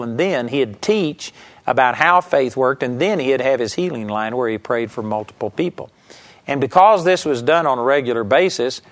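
A man preaching a sermon, telling a story emphatically and swinging between loud passages and hushed ones. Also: mid-range voice.

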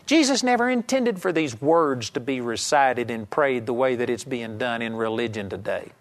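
A man's voice: medium pitch, lively intonation, moderate pace. A man preaching a televised sermon in a conversational, emphatic teaching manner, with asides to his viewers.

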